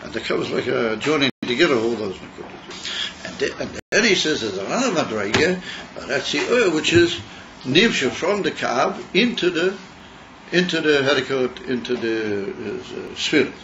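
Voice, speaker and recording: Halting man teaching a class. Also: mid-range voice, big pitch swings, background noise. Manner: halting, repeats words, mixes Hebrew terms. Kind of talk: Chassidus class. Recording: muffled class recording.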